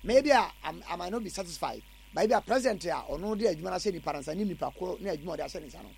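High-voiced, fast-talking Ghanaian man. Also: gravelly, slightly rough. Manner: animated, mixes in English words. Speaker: interviewee. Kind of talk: casual street interview.

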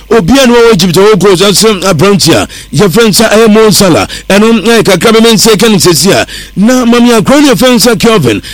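A man's voice: high-pitched, dry recording. A man presenting football analysis on the radio, reeling off player statistics and switching between Twi and English.

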